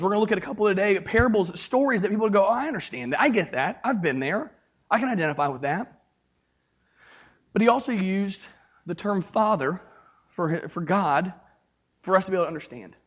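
Animated, high-voiced male pastor preaching. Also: dull audio. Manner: animated, jokey, crowd-engaging; earnest and emotional. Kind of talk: sermon.

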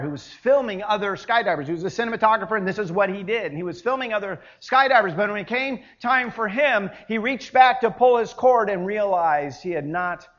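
A male pastor delivering a sermon in an animated, emphatic way, with playful asides and repeated key words. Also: sits high, dull audio.

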